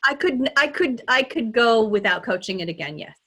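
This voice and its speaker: A woman's voice: on the high side, animated, normal speed, sharp tone. A middle-aged woman, a dialect coach, talking casually in an interview, thinking aloud with frequent restarts and ums.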